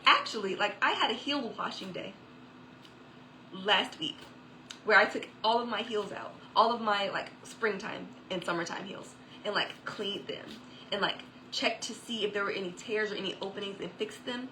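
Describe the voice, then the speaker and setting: A woman's voice: medium pitch, normal speed, sharp tone, a little hiss or hum, poor audio. A woman telling a personal faith testimony in a chatty way, with many fillers and asides. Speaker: author giving a testimony.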